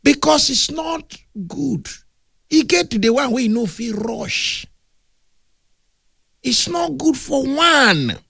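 Animated Nigerian preacher man. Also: very high-pitched, takes it slowly, creaky, long pauses, slightly rough, no room sound, studio quality. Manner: animated, humorous storytelling with playful big words. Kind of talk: sermon in Nigerian Pidgin.

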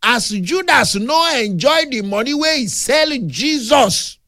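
A man with a Nigerian accent preaching a humorous, animated sermon that mixes storytelling with playful big words. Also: very high-pitched, a little slow, no echo, clean studio sound.

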